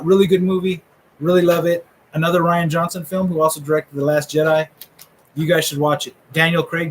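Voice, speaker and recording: Revealing the draft order for his fantasy football league live, this middle-aged host jokes around and rambles through trash talk with his friends. He has a somewhat high voice, and the poor audio picks up slight background noise.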